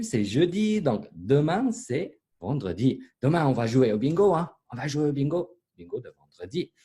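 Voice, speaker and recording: A middle-aged man with a dark, breathy, mid-range voice gives a slow French lesson, patiently spelling words letter by letter and blending French with English.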